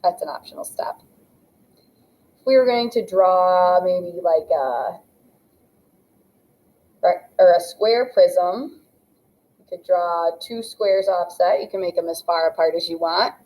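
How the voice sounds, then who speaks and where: A woman's voice: lowish voice, takes it slowly, pauses often, darkish tone, low-quality recording. Patient woman teaching geometry. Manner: patient, explains step by step while drawing. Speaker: math teacher. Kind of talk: classroom lesson narration.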